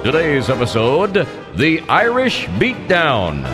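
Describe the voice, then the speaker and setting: A man announcing a comedy playhouse skit in a slow, overblown theatrical voice. The voice rings with a long reverb, and music plays underneath. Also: fairly high pitch, wildly swooping pitch. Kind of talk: mock-dramatic skit narration.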